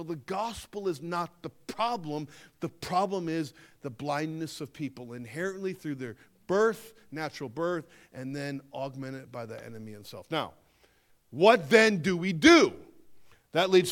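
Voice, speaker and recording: A man preaching a sermon, emphatic, slowing down to stress key phrases and dipping into quieter asides. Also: a little high. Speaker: pastor.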